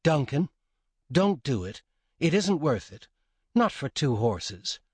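A man's voice: medium pitch, sing-song, slow pace, a little mellow, slightly rough, no room sound, voice pushed up, heavily acted. A man voicing a frightened young pioneer wife who speaks in an anxious, pleading way.

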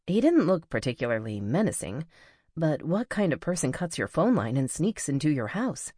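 A woman narrating a novel as an audiobook reader, in a measured, even storytelling manner. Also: sits low, breathy edge, dry recording, clean studio sound. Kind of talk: scripted narration.

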